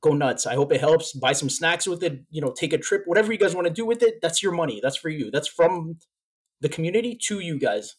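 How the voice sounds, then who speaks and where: A man's voice: fairly high pitch, lively intonation, fairly quick, slightly rough. A man co-hosting a casual podcast, telling a story at length. He doubles back on his words as he goes. He sounds moved and a little out of breath. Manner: rambling, repeats words while telling a story. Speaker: podcast co-host. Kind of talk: casual chat.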